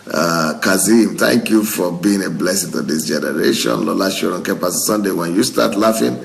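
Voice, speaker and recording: A middle-aged male pastor, reading viewer comments aloud on a livestream, laughing often and breaking into excited exclamations. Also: low-pitched, moderate pace, creaky. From Nigeria.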